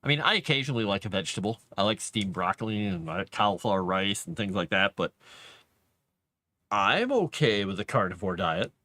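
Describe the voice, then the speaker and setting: A man's voice: on the low side, animated, a little fast, sharp tone. A man hosting a casual live stream from his basement, chatting in a rambling way and laughing often. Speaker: livestream host. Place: home basement.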